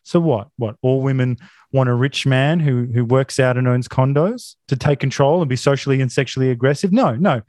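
A man co-hosting a podcast, recapping a film in deadpan sarcasm and mock outrage. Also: mid-range voice, fairly quick, dry recording, studio quality. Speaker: podcast co-host.

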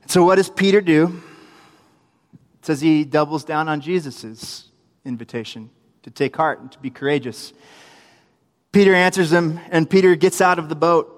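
High-voiced young preacher in a reverberant hall. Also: male voice. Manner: storytelling, animated, acts out quotes, humorous asides. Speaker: preacher, youth minister. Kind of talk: sermon.

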